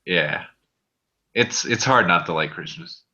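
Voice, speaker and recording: A man hosting a casual group chat, relaxed, laughing often and swearing freely. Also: sits low, measured pace, dull audio, a little hiss or hum. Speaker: host of a group call.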